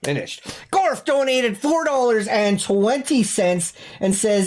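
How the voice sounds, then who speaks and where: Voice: mid-range voice, expressive, slow, darkish tone. A talk show host bantering with callers in a mock-serious, exasperated, teasing way. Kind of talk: comedic call-in show banter.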